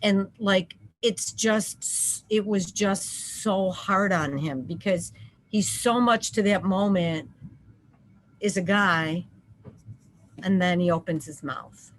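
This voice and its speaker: A woman on a parent panel telling a personal story, halting and full of restarts. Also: medium pitch, slight background noise, low-quality recording. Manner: halting, many restarts and fillers.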